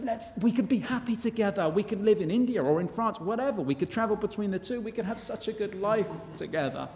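Guy doing a high whiny lovesick young knight, pleading, long church echo. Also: expressive, fast, a little mellow.

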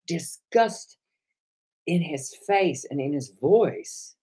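A hoarse man talking on a live stream, retelling an encounter with animated, indignant energy. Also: a little high, slow pace. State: hoarse from shouting. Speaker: online commentator.

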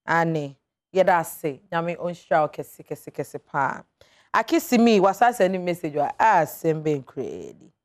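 A woman hosting a radio call-in show, chatting with callers and reading listeners' messages, lively and quick to laugh. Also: deep voice. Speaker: radio talk show host.

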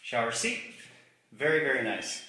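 A bright-voiced man chats his way through an empty house, cracking little jokes as he points things out. His words ring off the bare walls of the echoey rooms, caught on a handheld camera mic. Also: mid-range voice, sing-song, moderate pace. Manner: upbeat, jokey, chatty. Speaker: real estate agent giving a property tour. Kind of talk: casual walkthrough narration. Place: inside a large empty house, walking room to room.

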